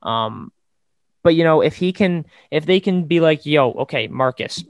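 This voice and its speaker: A man's voice: on the high side, expressive, measured pace, no echo. A man hosting a casual sports podcast, rambling and opinionated, with lots of fillers. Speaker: podcast host.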